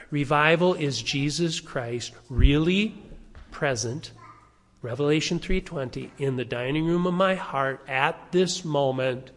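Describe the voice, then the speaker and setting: Older pastor guy, kinda high voice, preaching and asking the room stuff, church hall reverb. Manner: conversational preaching with rhetorical questions to the congregation. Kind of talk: sermon. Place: church sanctuary.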